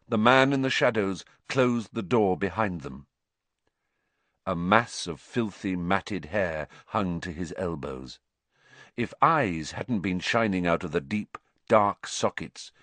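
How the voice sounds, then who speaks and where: A man reading a story aloud with dramatic, expressive narration. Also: fairly low pitch, no room sound. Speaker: audiobook narrator. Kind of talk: scripted narration.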